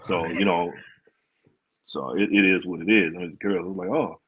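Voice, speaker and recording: Low husky man in relaxed chat. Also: moderate pace, no echo, muffled recording. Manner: relaxed, rambling, lots of fillers. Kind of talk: casual chat.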